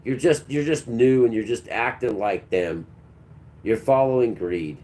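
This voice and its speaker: A man's voice: mid-range voice, measured pace, mellow. Ranting man preaching on a livestream. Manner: preachy and combative, talks back to chat. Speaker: livestream host.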